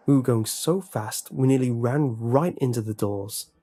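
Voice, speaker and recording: A man narrating a horror story in a steady, measured way. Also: medium pitch.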